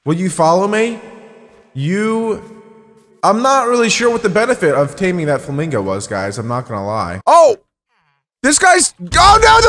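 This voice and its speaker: A young man giving excitable let's-play commentary, yelping and shouting at surprises, with quick asides to viewers. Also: sits high, faint music behind. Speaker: gaming YouTuber.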